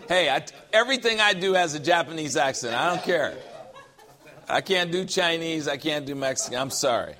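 A middle-aged man preaching a sermon, animated and full of joking asides and rhetorical questions. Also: a little high, normal speed. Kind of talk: sermon with humor.

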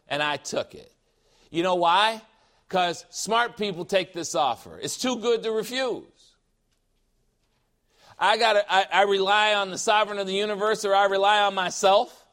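Emphatic high-voiced male preacher. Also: normal speed. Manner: forceful, emphatic preaching with rhetorical questions. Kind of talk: sermon.

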